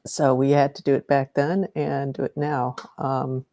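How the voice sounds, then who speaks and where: Low, gravelly woman guiding a meditation. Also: little pitch movement, a little slow, dark tone, no echo. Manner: rambling, self-correcting, greets viewers by name. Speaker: energy healing meditation host. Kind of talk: live-streamed guided meditation and chat.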